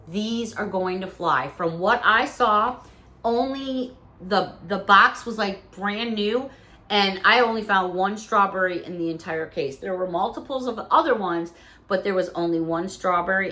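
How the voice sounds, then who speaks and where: A woman's voice: mid-range voice, sharp tone. A middle-aged woman vlogger chatting casually and cheerfully as she unboxes a haul, exclaiming over each item.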